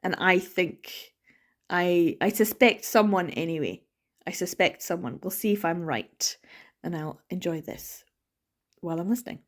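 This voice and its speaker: A woman's voice: on the low side, unhurried. A young woman from the Isle of Lewis with a Scottish Western Isles accent, chatting casually and reflectively in a reading vlog, often trailing off and restarting. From Isle of Lewis, Scotland. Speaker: book vlogger.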